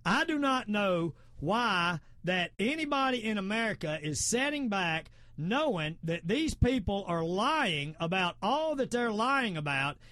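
Fervent Southern host, middle-aged, high-pitched, preaches in repeated emphatic lines. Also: male voice, very animated, a little slow, hardly any pauses, sharp tone, dry recording. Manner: repetitive, emphatic, quotes scripture. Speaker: podcast host. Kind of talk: fervent preachy political talk.

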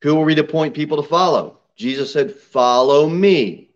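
A man preaching a sermon in a church, reading scripture aloud and building to emphatic, loud, high peaks. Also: a little fast. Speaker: pastor. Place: church sanctuary. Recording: slightly dull church recording.

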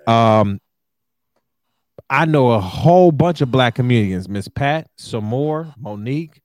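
A man co-hosting a podcast in casual chat, ranting with animated, profane emphasis. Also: mid-range voice, slow, no echo. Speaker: podcast co-host.

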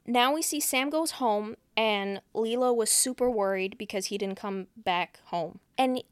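Higher-voiced woman recapping a movie. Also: unhurried, clean tone, dry recording, studio quality. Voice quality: swears freely, acts out quoted lines. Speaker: podcast co-host.

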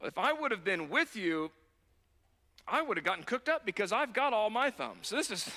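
A pastor voicing a calm, cheerful friend. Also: male voice, high-pitched, normal speed, exaggerated voice.

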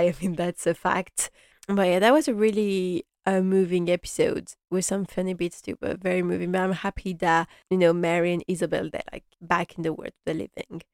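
A woman in her young adult years hosting a casual recap of a TV drama, chatty and rambling, gushing and animated. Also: lowish voice, no echo, clean studio sound. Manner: chatty and rambling, many "like" and "you know" fillers.

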